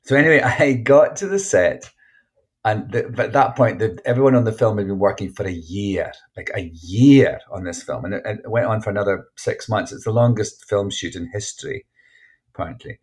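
A man's voice: on the low side, a little fast, slightly rough. A Scottish man, an actor and author, telling stories frankly in an interview with lots of restarts. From Scotland. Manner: chatty, frank, many restarts. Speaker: actor and memoir author, guest. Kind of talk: casual interview storytelling.

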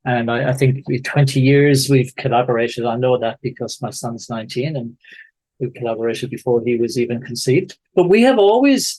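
A man in his forties with an Irish accent, a podcast guest who talks in a measured, explanatory way. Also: mid-range voice, a little mellow. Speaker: guest researcher. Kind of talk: podcast conversation. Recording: faint music behind.

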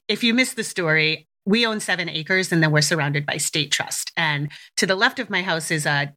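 A middle-aged woman hosting a parenting podcast, telling a story in a chatty, candid, animated way and swearing now and then. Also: lowish voice. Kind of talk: casual storytelling monologue.

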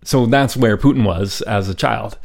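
Male podcast host with a lowish voice, relaxed history storyteller who adds chatty asides. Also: moderate pace, gravelly. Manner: casual and chatty, with asides and fillers.

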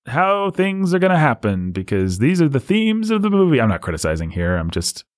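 A man's voice: mid-range voice, wildly swooping pitch, a little fast, no echo, studio quality. A man co-hosting a casual movie discussion, wry and sarcastic, often laughing as he talks. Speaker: podcast co-host.

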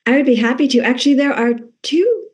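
A woman's voice: sits high, lively intonation, quick pace, a little mellow. A woman from Massachusetts, an author guest on a podcast, talking eagerly and cutting herself off mid-sentence. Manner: eager, fan-like, self-interrupting. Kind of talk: casual interview chat.

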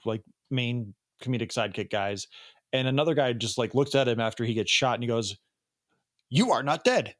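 A man co-hosting a podcast, chatting casually and getting animated when he mocks bad film lines. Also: medium pitch. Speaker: podcast co-host. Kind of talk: casual chat.

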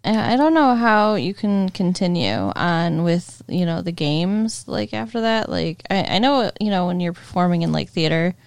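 A woman's voice: on the low side, expressive, moderate pace, gravelly, few pauses, clean tone, no echo. A female podcast co-host chatting casually and expressively, often giggling, with a chatty way of talking. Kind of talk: casual news chat.

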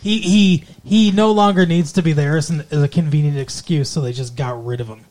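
A man's voice: a little high, a little fast, darkish tone. A man co-hosting a podcast, talking in a casual recap chat with profane, sarcastic and exaggerated remarks. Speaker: podcast co-host.

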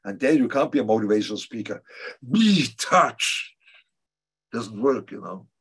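A man teaching a religious class, answering students' questions in a halting, thoughtful way and repeating key phrases for emphasis. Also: lowish voice, warm tone, breathy edge.

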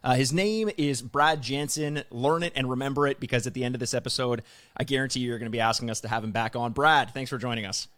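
Male podcast host, middle-pitched, chatty and teasing, casual conversational delivery. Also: fairly bright tone. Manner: chatty, joking, quick asides.

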